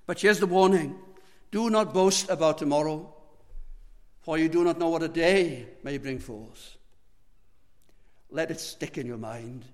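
A man preaching a sermon, pleading with passion, swinging between loud and hushed. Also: on the high side, a little slow, long pauses, in a large hall.

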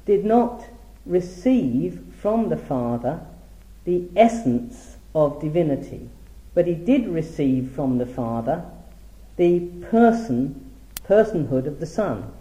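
A middle-aged man teaches from the Bible in a measured way, stressing the words when he reads scripture aloud. His voice is very dark and mellow, yet sits a little high for a man. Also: roomy sound, low-quality recording. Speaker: preacher.

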